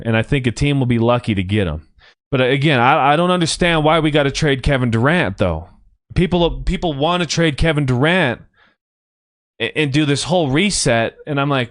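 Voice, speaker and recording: Young male podcast host, fired-up rant, slightly high voice. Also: a bit bright. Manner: heated, ranting, swears. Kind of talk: casual sports talk.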